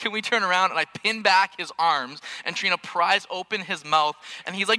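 A man's voice: high-pitched, lively intonation, quick pace, hardly any pauses, sharp tone. A man in his thirties preaching to a church congregation, with jokey storytelling and questions to the room. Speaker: pastor. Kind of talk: sermon. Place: church auditorium.

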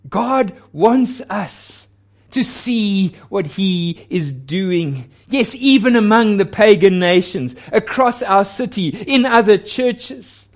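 A male pastor preaching a sermon with a fairly high voice. He takes his time, spacing out each phrase and leaning into quoted lines with earnest emphasis. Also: animated, takes it slowly.

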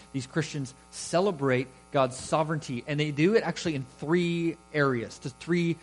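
A man's voice: on the high side, poor audio. A man preaching a sermon, building emphasis and rising in volume on key words. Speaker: pastor.

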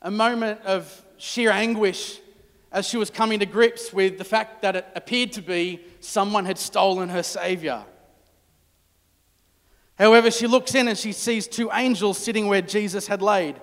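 A man preaching a storytelling sermon, dramatic, dropping to hushed tones at key moments. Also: sits high, steady tone, normal speed, in a large hall. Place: church.

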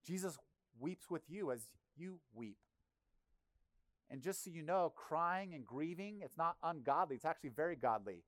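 Brief: male pastor, slightly high voice, chatty sermon delivery, dry close sound. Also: moderate pace, dry recording. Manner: conversational, animated, acts out quotes.

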